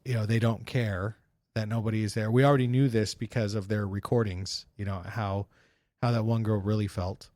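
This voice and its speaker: A low-pitched man co-hosting a casual podcast, stopping and restarting as he leads the talk. His voice is close and dry, with no room sound. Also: steady tone, darkish tone, no room sound. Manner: halting, many fillers and restarts, leads topics. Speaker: podcast co-host.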